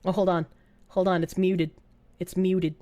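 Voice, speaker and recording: A woman's voice: on the low side, level tone, measured pace, warm tone, slight background noise. A woman streaming live, reacting in a sarcastic, incredulous and profane way with frequent laughs. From United States. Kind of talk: casual livestream reaction.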